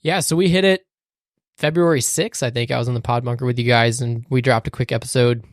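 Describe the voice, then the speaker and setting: A man speaks as a guest hunting guide in a relaxed, modest way. His voice is mid-pitched, recorded dry and close in a small room. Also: a little fast, no room sound. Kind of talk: casual podcast chat.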